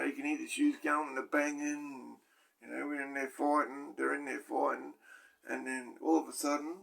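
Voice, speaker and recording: Gravelly-voiced Australian man telling stories. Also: a little high, fairly bright tone. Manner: rambling and profane, tags lines with "right?". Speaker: former prisoner telling stories. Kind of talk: casual storytelling to camera.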